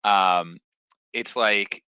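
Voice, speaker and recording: A man's voice: on the low side, extremely slow, sharp tone, clear, resonant tone, dry recording, poor audio. A young man talking bluntly and confidently in a casual podcast chat, swearing freely. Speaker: podcast guest.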